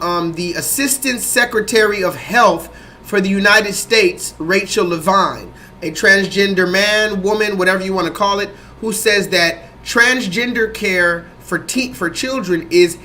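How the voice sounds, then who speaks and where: A man hosting a livestream, talking loosely and profanely to his chat in a rambling, animated way. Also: high-pitched, a little hiss or hum. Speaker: livestream host. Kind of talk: livestream commentary.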